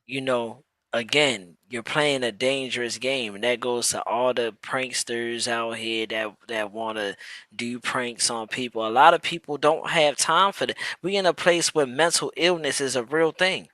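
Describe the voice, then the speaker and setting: A man talking on a casual live stream, his voice bright and forceful. He speaks in slang and circles back over his words as he works toward a point. The sound is dry and close, with no room echo. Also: medium pitch, measured pace. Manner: repeats words while building a point, slangy. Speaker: podcast co-host.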